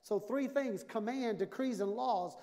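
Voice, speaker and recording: A man in his fifties preaching a sermon with humor, animated and jokey, acting out little dialogues. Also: very high voice, a little slow. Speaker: pastor. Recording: long hall reverb.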